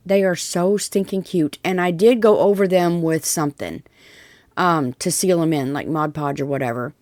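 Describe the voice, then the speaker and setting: A woman's voice: low-pitched, moderate pace, a little mellow, no echo, clean studio sound. A woman with a Southern US accent, narrating her craft project in a chatty, folksy voiceover, rambling with fillers and asides. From Tennessee. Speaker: DIY crafts vlogger.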